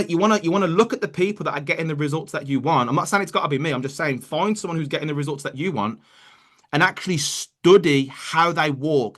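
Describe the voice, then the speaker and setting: A man's voice: fairly high pitch, bright, forceful tone. Casual man giving a pep talk. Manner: casual, repetitive restarts, says bro and man. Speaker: network marketing leader. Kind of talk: motivational call talk. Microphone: online call.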